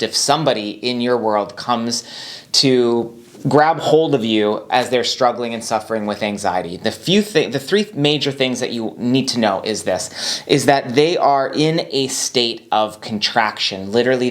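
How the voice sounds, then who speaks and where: A man who works as a doctor and anxiety coach, giving a casual instructional talk in a calm, unhurried and reassuring way that leans on repetition. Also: medium pitch.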